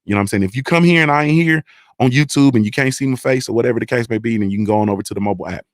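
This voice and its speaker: A young adult man talks straight to his viewers on a livestream, emphatic, profane and repetitive. His voice sits at an ordinary pitch and is recorded dry and up close, with no room sound. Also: racing, no room sound. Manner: emphatic, repetitive, profane, keeps asking "you understand". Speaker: livestream host reading chat. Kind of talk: casual livestream talk to viewers.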